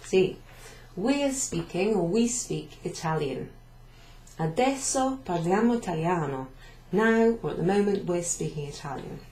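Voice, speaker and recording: Standing at a whiteboard in a venue's classroom, this British-accented teacher walks beginners through a language lesson step by step, using fillers. She speaks in a lowish, animated, unhurried voice with a warm tone, and the room echoes.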